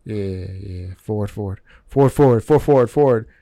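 A man's voice: fairly low pitch, takes it slowly, gravelly, warm tone, no room sound. Playful young man, dry close sound. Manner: playful, profane. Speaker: podcast co-host running the trivia. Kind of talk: casual chat, reading trivia questions.

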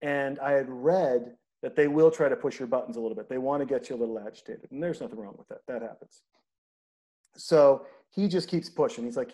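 Man telling a lively travel story. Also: mid-range voice, brisk. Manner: animated anecdote teller, acts out quoted people. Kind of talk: casual storytelling chat.

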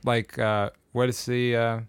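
A young man chats on a casual podcast, hesitating and restarting as he searches for words. He laughs easily and speaks at a middle pitch. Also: level tone, smooth. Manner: hesitant, stumbling, quick to laugh. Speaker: podcast co-host. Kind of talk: casual chat.

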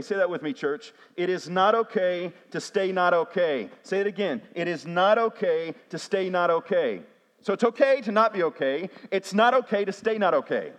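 A man, a pastor preaching a sermon with call-and-response refrains. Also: high voice. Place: church sanctuary. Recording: long hall reverb.

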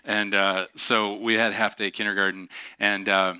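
A man's voice: lowish voice, little pitch movement, normal speed, sharp tone, clean tone, no echo. A man preaching a sermon as a pastor, telling a story in a casual, self-deprecating way with many fillers and restarts.

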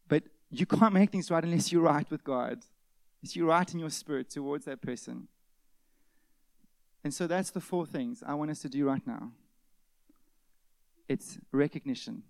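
A slightly high-voiced male pastor preaches with no room sound at all, shifting from loud emphatic bursts to near-whispers and putting rhetorical questions to his congregation.

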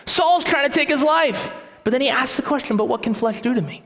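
A man's voice: very high voice, a little fast, a bit bright. A man preaching a sermon as pastor, with emphatic delivery that repeats key phrases. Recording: echoey hall with long reverb.

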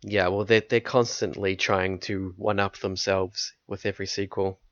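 A man giving measured, dry commentary on a film in casual chat. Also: sits low, little pitch movement, a bit bright. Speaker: podcast co-host. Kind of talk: casual movie discussion. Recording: dull, dry lo-fi mic.

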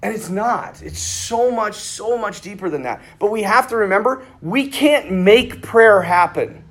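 A middle-aged priest giving a conversational sermon, telling stories and acting out bits of dialogue. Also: male voice, sits high, measured pace. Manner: conversational, animated, acts out quoted dialogue. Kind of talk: sermon with storytelling.

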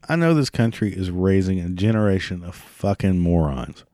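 A man's voice: low voice, animated, measured pace, mellow, no echo, studio quality. A man ranting in a sarcastic, mocking, profane monologue. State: prone to coughing fits.

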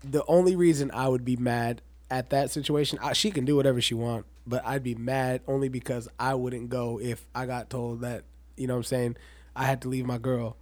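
Young dude co-hosting, blunt and hyped, laughs a lot, dry sound. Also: male voice, medium pitch, a little fast, dry recording. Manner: blunt, excitable, laughs often. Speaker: podcast co-host. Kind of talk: casual chat.

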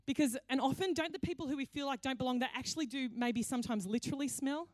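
A woman's voice: sits high, fast, dry recording, studio quality. A woman pastor delivering a sermon in a conversational, playful storytelling way. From Australia.

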